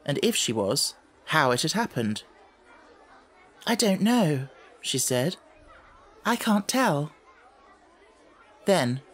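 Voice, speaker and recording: A man reading an audiobook aloud in a measured storytelling manner. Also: medium pitch. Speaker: audiobook narrator. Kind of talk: scripted narration.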